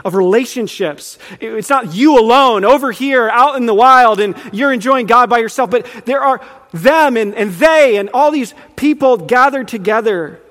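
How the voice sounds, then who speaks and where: A man with a high voice teaches a sermon in an earnest, building manner, now and then quizzing the room. His words ring out with a long reverb from a large church hall. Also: normal speed, a bit bright. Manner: earnest, rising in emphasis, quizzes the audience. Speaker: preacher teaching on Revelation.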